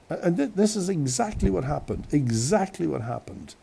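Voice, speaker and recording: Irish male radio host with a mellow, gravelly voice; chatty, meandering anecdotes outdoors. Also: fairly high pitch, big pitch swings, brisk. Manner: chatty, digressive, many restarts and asides. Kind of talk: rambling anecdotal storytelling. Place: outdoors on a windy day. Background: wind.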